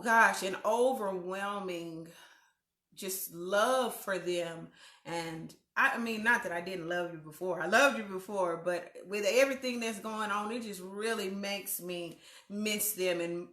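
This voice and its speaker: A woman's voice: mid-range voice, a bit bright, echoey room. A woman hosting a casual weekly live chat from her living room, greeting viewers by name as they join. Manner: chatty, greets viewers by name, slow and drawn out.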